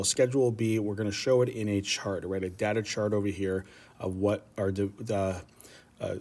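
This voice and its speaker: A man's voice: lowish voice, darkish tone. A man teaching an economics lesson in a casual, rambling way, often checking in with "right?". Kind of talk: economics lecture.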